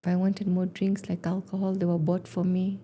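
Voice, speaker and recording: A woman in her forties, a podcast guest in casual chat, telling animated stories and acting out quotes. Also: on the low side, fairly quick, a little hiss or hum. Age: 40s. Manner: animated storyteller, acts out quotes.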